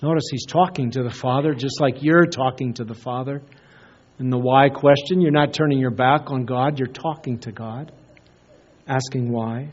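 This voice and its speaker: A man preaching a sermon as pastor, earnest, often dropping to a hushed soft voice and repeating words as he searches for them. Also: medium pitch, steady tone, moderate pace. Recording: dull lo-fi recording.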